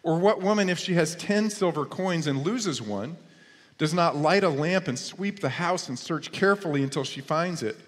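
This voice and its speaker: A middle-aged man preaches to his congregation in a slightly high voice, mixing humorous stories with lively exclamations. His sermon rings through a church sanctuary with a long, hall-like reverb. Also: normal speed. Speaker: pastor.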